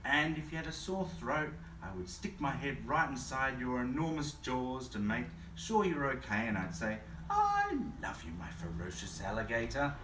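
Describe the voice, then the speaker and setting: A man voicing a gentle, doting mother with a soft tender lilt in a picture book reading. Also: medium pitch, sing-song, moderate pace, few pauses, voice pushed up, close to an everyday voice. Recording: roomy distant mic, faint hum.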